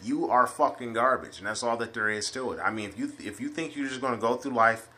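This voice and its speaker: A man's voice: medium pitch, fast talker, bright, forceful tone. A man ranting at his enemies in a webcam vlog, confrontational and full of swearing. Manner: profane, confrontational, repetitive. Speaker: vlogger. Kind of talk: angry webcam rant.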